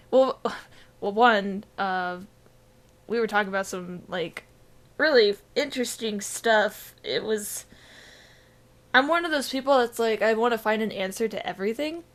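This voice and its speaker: A woman's voice: on the high side, fairly bright tone. A young woman co-hosting a casual gaming podcast, rambling with lots of fillers and giggles. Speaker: podcast co-host.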